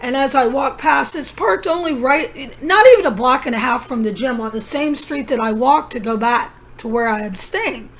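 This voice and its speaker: Woman, high voice, rambling vlog monologue, urgent, conspiratorial, lots of asides. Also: moderate pace, few pauses. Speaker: vlogger.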